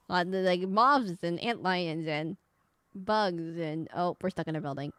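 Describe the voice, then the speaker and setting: A woman's voice: on the low side, measured pace, fairly bright tone, no room sound, clean studio sound. A young woman, a VTuber streamer, chatting through live gameplay commentary and exclaiming as she reads game dialogue aloud.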